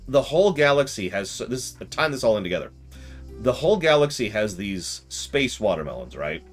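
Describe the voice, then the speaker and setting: A man telling a long story in a casual, rambling way, often stopping to correct himself. His pitch swings widely as he gets animated. Faint music plays quietly behind him. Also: normal speed. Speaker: streamer retelling a game session.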